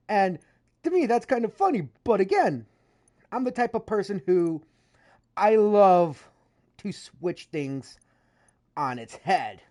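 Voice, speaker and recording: A woman's voice: on the low side, vocal fry, a little mellow. A woman streamer chatting casually over gameplay, rambling with frequent fillers and self-corrections. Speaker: gaming streamer.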